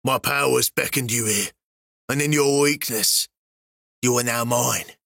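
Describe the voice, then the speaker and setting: A man voicing a boastful, brutal male dwarf king in a storybook reading, speaking in slow, grand proclamations. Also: mid-range voice, gravelly, fairly bright tone, dry recording, clean studio sound. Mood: proclaiming.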